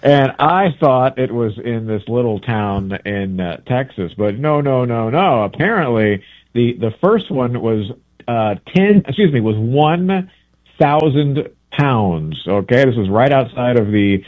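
A man's voice: medium pitch, expressive, measured pace, no room sound. A male travel book author talking as a guest in a casual radio interview, rambling and correcting himself as he goes. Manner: rambling, chatty, self-correcting. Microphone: phone. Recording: tinny phone line.

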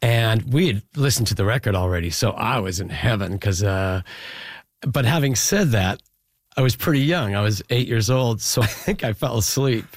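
Guy, kinda low voice, chats loosely with lots of uh and um, dry studio sound. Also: expressive, normal speed, no room sound. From Canada (Saskatchewan). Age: middle-aged. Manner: rambling, many fillers and restarts, chuckles. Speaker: musician guest. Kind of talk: casual interview chat. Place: radio studio.

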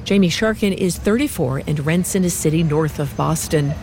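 Measured female news reporter narration. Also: deep voice, slight background noise. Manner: measured, even delivery.

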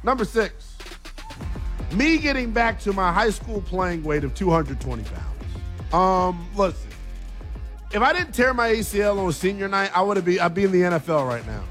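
A man's voice: high-pitched, big pitch swings, normal speed, fairly bright tone, soft background music. A man hosting a sports talk radio show, brash and joking as he takes calls and ribs his co-host. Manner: brash, joking, trash-talking. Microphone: studio microphone.

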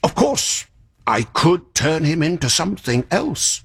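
An actor playing a kindly, fussy old magician in a radio drama, chatty and musing, sighing and yawning, with a breathy, husky voice. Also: male voice, fairly high pitch, very animated, measured pace, exaggerated voice. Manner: chatty and musing, with sighs and yawns.

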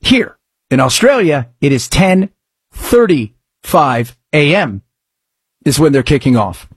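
Chatty husky male radio host. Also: fairly high pitch, lively intonation, slow pace, no echo. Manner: chatty, rambling, jokey. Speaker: radio talk show host. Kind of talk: casual sports and news talk.

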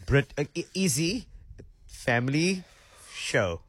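A South African man hosting a radio show, chatting in a playful, animated way. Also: a little high, takes it slowly, no room sound. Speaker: radio host. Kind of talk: casual radio chat.

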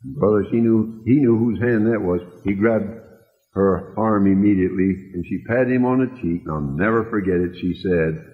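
A man preaching, telling a tender story slowly and dropping soft and low when he quotes people. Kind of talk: sermon storytelling. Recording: tinny lo-fi recording in a long-echo hall.

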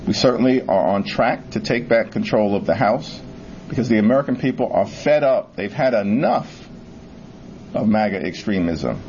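A man making a forceful, deliberate statement at a news conference. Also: on the low side, animated, dull audio, slight background noise.

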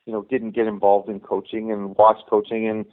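A man's voice: on the low side, monotone, normal speed. Middle-aged man rambling over a tinny line. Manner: rambling, many restarts and "you know". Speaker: youth hockey coach, guest. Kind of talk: casual storytelling interview. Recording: tinny phone-line sound.

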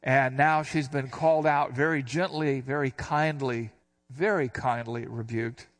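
An older man giving a conversational sermon, explaining a Bible passage verse by verse in a relaxed, plain-spoken way and slowing down to read the scripture. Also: medium pitch. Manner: slows down when reading scripture. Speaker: Bible teacher.

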